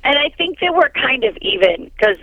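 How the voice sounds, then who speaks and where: A woman who is a regular celebrity-news contributor on a radio show, chatting and teasing in an animated, storytelling way. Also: high voice, normal speed, slightly rough, dry recording, narrow, tinny audio. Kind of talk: casual on-air banter.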